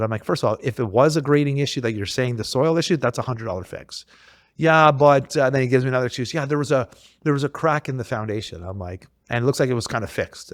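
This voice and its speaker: A man's voice: medium pitch, no echo, clean studio sound. A man working as a realtor, chatting casually on a podcast and telling a story in which he acts out what the other people said. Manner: animated storytelling, acts out quoted exchanges.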